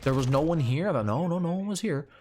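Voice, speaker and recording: A man's voice: fairly high pitch, a little fast, a little hiss or hum, pitched above the performer's own voice, close to an everyday voice. A man doing a swearing, startled grandfather. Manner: loud, blunt, profane.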